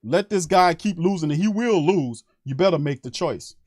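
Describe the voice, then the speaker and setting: A man's voice: fairly high pitch, expressive, moderate pace, a little mellow, no room sound, studio quality. A man who hosts a sports podcast, delivering a heated, profane fan rant on a live stream and hammering his points over and over.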